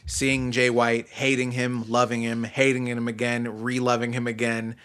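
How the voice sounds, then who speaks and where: A man hosting a podcast in casual chat, excitable, swinging from shouts to hushed tones, with slangy swearing. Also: medium pitch, moderate pace, clean tone. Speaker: podcast host.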